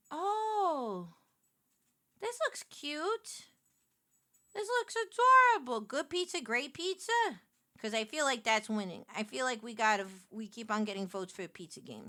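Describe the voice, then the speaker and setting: Animated New York woman streamer. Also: mid-range voice. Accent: New York City. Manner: animated, exclaiming, quick to laugh. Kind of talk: casual live-stream chat while picking a game.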